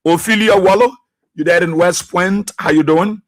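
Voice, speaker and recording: A man hosting a live radio show, reading out listeners' names and places in an unhurried way with many pauses. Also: high voice. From Liberia. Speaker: radio host.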